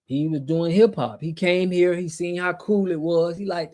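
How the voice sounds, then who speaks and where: A man's voice: high-pitched, fairly even intonation, normal speed, darkish tone. An American man hosting a casual livestream, answering chat in an emphatic, slangy way and repeating himself when he gets fired up. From United States. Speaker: show host.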